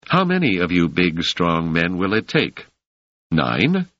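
A man reading an audiobook voices a calm male traveler who stands up defiantly to a gang. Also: deep voice, takes it slowly, dry recording, heavily acted. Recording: dry, slightly muffled lo-fi audio.

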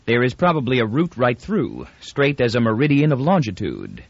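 Man doing a sharp-tongued young woman, teasing, lively, husky, storybook reading. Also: mid-range voice, no room sound, dull audio, heavily acted. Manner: mocking, quick retorts.

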